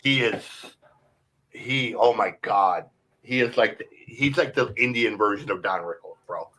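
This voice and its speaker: A man in casual podcast chat, telling stories in a rambling, excited way, full of "like" and "bro" and swearing. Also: lowish voice, measured pace.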